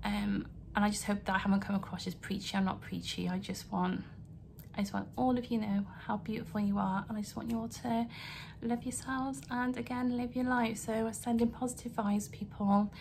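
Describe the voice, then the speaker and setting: A young woman talks to her camera from home in an earnest, rambling way, apologising as she goes. Her pitch sits in a middling range. A faint hiss of room noise stays under her voice. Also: little pitch movement, normal speed, gravelly, a little mellow. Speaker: vlogger. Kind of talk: emotional vlog rant to camera. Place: home, indoors.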